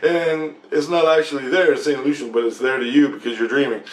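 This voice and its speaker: A man voicing Jesus as a calm dream guide who asks questions and explains patiently. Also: mid-range voice, fairly quick, roomy sound, natural voice. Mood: explaining.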